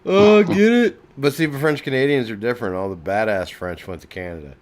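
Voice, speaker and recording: A man joking slowly in casual live-stream banter. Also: lowish voice, lively intonation.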